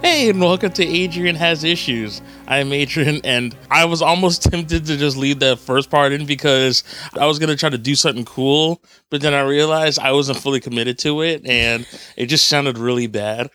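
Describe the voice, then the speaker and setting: Dry, bright-voiced podcast host. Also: male voice, a little high, no echo, faint music behind. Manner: loose and rambling, quick to laugh at himself. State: sleepy, just woke up. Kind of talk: casual podcast chat.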